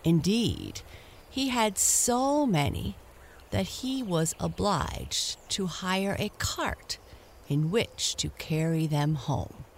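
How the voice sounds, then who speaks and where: A woman reading a children's story aloud in an expressive, animated way. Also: fairly low pitch, takes it slowly, a little hiss or hum.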